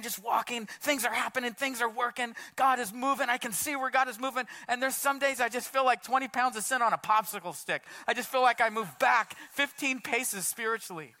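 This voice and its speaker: A male pastor delivers a heartfelt sermon, his voice sitting high and ringing bright. He talks in a relaxed, everyday way, often calling his listeners "man". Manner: casual, earnest preaching, says "man" often.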